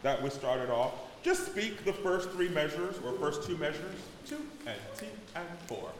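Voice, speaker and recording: A man's voice: a little high, expressive, a little hiss or hum. A man leading a choir rehearsal, giving directive corrections to the singers. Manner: directive, gives quick corrections. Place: large rehearsal hall. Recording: echoey hall from far off, loud choir and piano.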